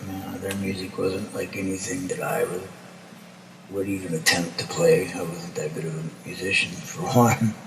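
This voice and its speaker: A man's voice: low voice, vocal fry. A man who once toured with the band, recalling them thoughtfully with many fillers in a documentary interview. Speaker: touring musician acquaintance. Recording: distant echoey room, loud background noise.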